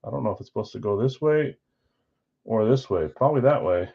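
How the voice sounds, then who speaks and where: A man's voice: lowish voice, animated, brisk, gravelly, husky. A man hosting a live stream card break, chatting casually and thinking aloud as he opens packs. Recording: dull lo-fi stream audio.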